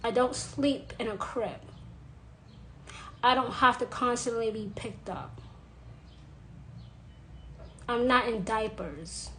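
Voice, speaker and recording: Insistent high-voiced woman, repeating herself. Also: slow, long pauses, a bit bright, slight background noise, rough recording. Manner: insistent, repeating phrases for emphasis. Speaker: witch sharing advice. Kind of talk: emphatic monologue to camera.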